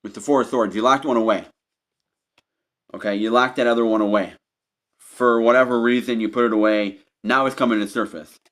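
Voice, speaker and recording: A man's voice: medium pitch, steady tone, brisk, fairly bright tone. A man giving an unscripted tarot reading, talking straight to the listener, repeating and restarting his phrases as he goes. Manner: repetitive, meandering, restarts phrases often; addresses the listener directly as "you". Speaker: tarot reader.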